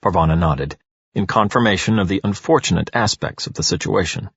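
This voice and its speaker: Expressive male audiobook narrator, husky voice, dull lo-fi recording. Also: sits low, a little fast, dry recording. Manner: expressive, storytelling.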